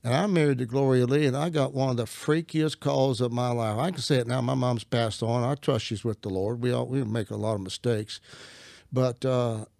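A man's voice: medium pitch, steady tone, normal speed, gravelly, darkish tone, no room sound, clean studio sound. A middle-aged man, a Christian minister, talking as an interview guest. He tells his stories in an earnest, folksy way and often restarts his sentences. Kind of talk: conversational storytelling.

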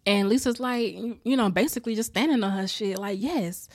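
Woman, casual recap host, lively and laughing, dry close sound. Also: medium pitch, fairly quick, no room sound. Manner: animated, laughing, acting out character lines. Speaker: show recapper.

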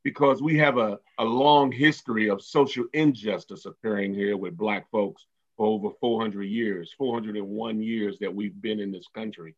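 A man's voice: lowish voice, steady tone, moderate pace, lo-fi sound. A man speaking earnestly as a podcast guest, repeating words and using many fillers. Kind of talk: conversational interview.

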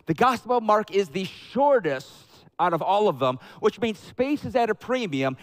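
A man with a Southern American accent preaching a sermon to his church, telling jokey stories with bursts of excitement. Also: sits high. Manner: jokey, animated storytelling with bursts of loud excitement. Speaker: pastor. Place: church sanctuary with a congregation.

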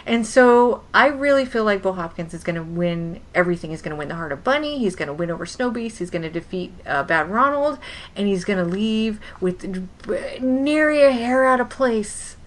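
A woman's voice: medium pitch, animated, normal speed. A woman co-hosting a podcast in casual chat, gushing and playful, often giggling. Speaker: podcast co-host.

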